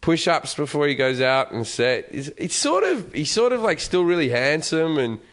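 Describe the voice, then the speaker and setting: A man's voice: a little high, moderate pace. A man in his thirties with an Australian accent, a guest comedian telling profane stories in a casual podcast chat. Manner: profane, animated storytelling.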